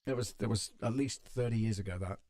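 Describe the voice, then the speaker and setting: A man's voice: on the low side, quick pace, no room sound. Chatty British man, dry close sound. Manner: relaxed, chatty, self-deprecating. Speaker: live-stream host and voiceover artist. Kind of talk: casual chat on a live stream.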